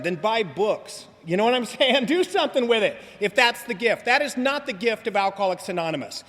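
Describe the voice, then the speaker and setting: A man's voice: extremely high pitch, lively intonation, fast talker, a bit bright. A man in his forties from Southern California, giving a rambling, joking recovery talk to a meeting audience. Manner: joking, rambling storyteller, fond of asking "you know what I mean?". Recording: live talk with long hall reverb.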